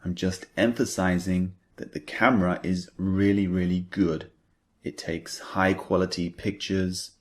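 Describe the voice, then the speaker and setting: A man with a very deep voice explains English phrases in a patient, unhurried lesson. He speaks slowly and reads his example sentences aloud with added stress. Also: steady tone. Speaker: English teacher.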